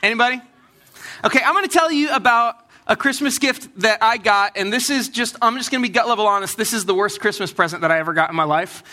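A man preaching a sermon in church, telling a lively personal story and acting out the voices of the people in it. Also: sits high, fast talker. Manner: animated storytelling, acts out quoted voices. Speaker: pastor.

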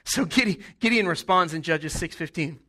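A man preaches in a relaxed, conversational way, telling the story with jokes and quick asides. His voice sits high and sounds bright and forward. He acts out the characters as he goes. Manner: animated, jokey storytelling with acted-out voices. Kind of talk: casual sermon.

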